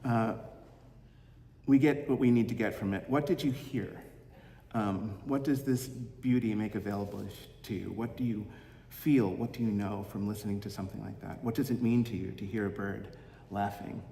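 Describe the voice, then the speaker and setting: A man giving a Sunday reflection as minister, gentle and halting, fond of corny puns. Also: on the low side, steady tone, vocal fry. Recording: roomy echo with long hall reverb, faint ambience.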